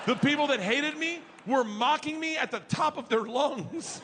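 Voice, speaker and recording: A middle-aged man doing stand-up, telling a story in a loud, crude, animated way with bursts of shouting, live on stage with a handheld mic. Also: extremely high pitch, moderate pace, few pauses. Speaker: stand-up comedian. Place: comedy stage before an audience. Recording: live stage recording with background noise.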